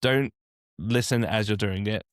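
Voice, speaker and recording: A man's voice: fairly low pitch, a little slow, smooth, dry recording, clean studio sound. A man who works as a dialect coach, answering interview questions with practical, step-by-step advice. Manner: practical, encouraging, explains step by step.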